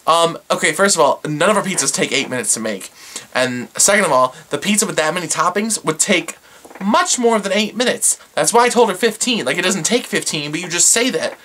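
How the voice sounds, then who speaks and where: Casual vlogger venting about work, sarcastic, bright voice, bouncy pitch. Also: expressive, normal speed. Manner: exasperated, sarcastic, acts out quotes; rambling with fillers. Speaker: vlogger telling work stories. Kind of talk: casual storytelling to camera.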